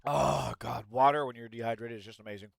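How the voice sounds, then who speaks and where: A man's voice: medium pitch, fairly even intonation, quick pace, vocal fry, dry recording. A young man live-streaming, reading news aloud and ranting with lots of swearing. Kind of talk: casual live-stream commentary.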